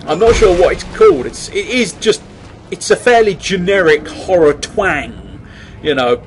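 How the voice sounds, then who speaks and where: A man's voice: high voice, expressive, a little slow, a little hiss or hum. A man giving jokey, mildly sweary let's play commentary on a horror game. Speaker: gamer.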